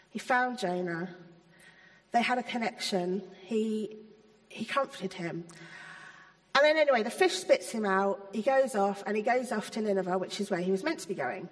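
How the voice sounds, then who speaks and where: A woman giving an informal, chatty sermon to a church, full of ums and gentle asides. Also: mid-range voice, animated, moderate pace. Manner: chatty, hesitant, many ums. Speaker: church speaker. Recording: long hall reverb.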